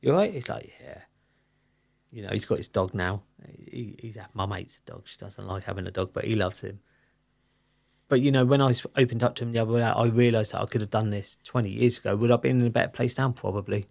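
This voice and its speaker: A middle-aged man speaks openly as a podcast guest in a candid personal conversation, rambling through his stories with lots of fillers. His voice is lowish, creaky and darkish, with a steady tone and a fairly quick pace.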